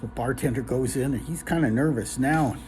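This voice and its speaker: A man telling a long joke in a relaxed, casual way, with lots of ums and uhs. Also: medium pitch, fairly quick, a little hiss or hum. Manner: relaxed, filler-heavy storytelling.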